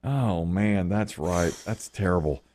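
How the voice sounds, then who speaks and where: A man's voice: sits low, slow pace. A man co-hosting a casual chat, telling stories and laughing often. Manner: laughs often, animated storytelling.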